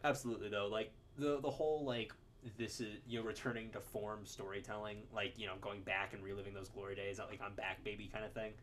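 A man's voice: fairly low pitch, steady tone, brisk, hardly any pauses, a bit bright. Rambling, opinionated male podcast co-host. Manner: opinionated, rambling with many restarts; laughs at his own jokes. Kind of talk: casual film discussion.

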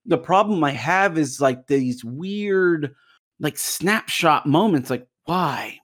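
A man's voice: on the high side, expressive, takes it slowly, fairly bright tone. A man in a casual movie discussion, talking animatedly and acting out lines in quoted voices.

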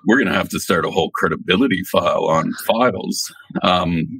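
A newspaper editor chatting on a podcast, rambling and laughing often. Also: male voice, low-pitched, a little fast, vocal fry, fairly bright tone, husky, no echo. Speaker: newspaper editor, regular guest. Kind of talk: casual podcast chat.

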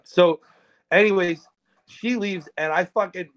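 A man's voice: fairly high pitch, normal speed, fairly bright tone, lo-fi sound. A man telling rambling, profane stories in a casual podcast chat. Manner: rambling and profane, with frequent restarts. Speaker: podcast co-host.

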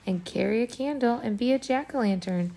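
A woman's voice: a little high, fairly quick, gravelly, dark tone, pitched above the performer's own voice, low-quality recording. A woman reading aloud, voicing a friendly, helpful dinosaur named Iguanodon who offers suggestions. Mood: suggesting.

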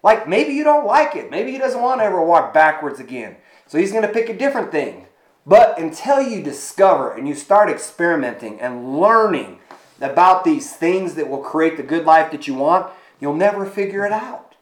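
A man's voice: on the high side, normal speed. A man telling a story in a casual way, acting out what others said and using many fillers, as a motivational speaker. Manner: animated retelling with many fillers. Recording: echoey room.

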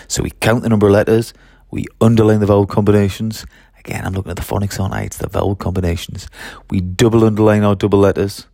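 A man's voice: low voice, gravelly, a little mellow, no echo, clean studio sound. A man who teaches French, talking through his methods in a chatty solo podcast, with fillers and restarts.

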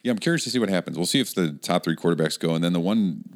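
A man's voice: deep voice, animated, very fast. A man casually chatting about football and explaining the upcoming draft. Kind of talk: casual sports chat.

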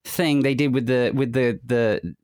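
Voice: medium pitch, unhurried, darkish tone. A podcast host who is also a voice actor, chatting casually with a guest, rambling with emphatic asides.

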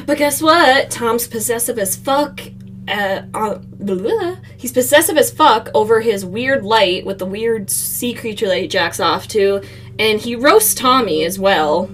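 A woman's voice: fairly high pitch, expressive, measured pace, fairly bright tone, a little hiss or hum. A woman co-hosting a podcast, recapping a film in casual chat, swearing freely and laughing often. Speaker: podcast co-host.

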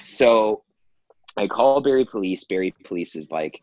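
A man's voice: on the low side, expressive, normal speed, darkish tone, no echo, highs cut off. A man telling a story on a podcast, rambling with many fillers and frequent laughs. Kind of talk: casual storytelling.

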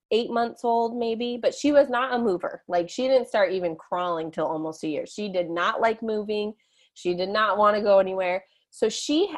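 A woman in her thirties, a guest telling stories with animation, laughing and acting out quotes. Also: mid-range voice. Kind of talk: storytelling in conversation.

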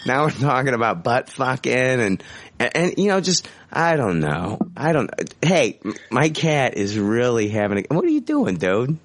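A man's voice: medium pitch, lively intonation, a little slow, dry recording. A man co-hosting a casual podcast, swearing, laughing and rambling through the banter. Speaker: podcast co-host.

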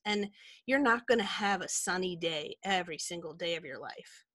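A woman's voice: fairly low pitch, expressive, moderate pace, fairly bright tone, no room sound. A woman co-hosting a podcast, talking in a candid, rambling way with many fillers. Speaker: podcast co-host. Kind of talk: casual chat.

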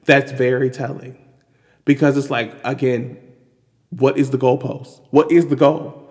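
A man giving casual, animated commentary on news, exasperated and full of restarts and fillers. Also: medium pitch, measured pace. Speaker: commentary vlogger. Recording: long hall reverb.

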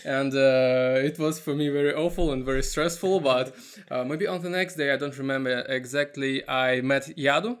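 A man's voice: medium pitch, normal speed. A man from Russia speaking English with a Russian accent, hesitant and full of fillers in a casual chat. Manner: hesitant, many fillers, searches for English words.

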